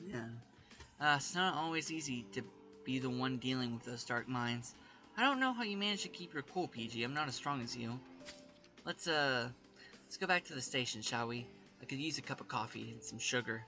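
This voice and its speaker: A man's voice: medium pitch, expressive, normal speed, long pauses, bright, forceful tone, soft background music. A man casually reading game dialogue aloud while playing, stumbling now and then. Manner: offhand, reads dialogue with stumbles. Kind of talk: casual gameplay commentary and reading.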